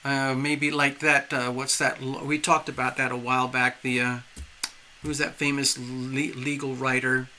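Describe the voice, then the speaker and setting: Bright-voiced man reading tarot. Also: mid-range voice, little pitch movement, unhurried, a little hiss or hum. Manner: rambling, spiritual, repetitive. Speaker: tarot reader.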